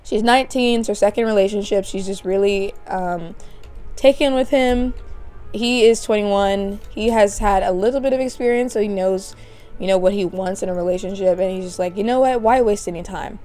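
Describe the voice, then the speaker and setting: Young woman, chatty game commentary, giggly, mellow voice, faint music behind. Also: mid-range voice, normal speed. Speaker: gaming channel host. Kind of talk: let's play commentary. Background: faint background music.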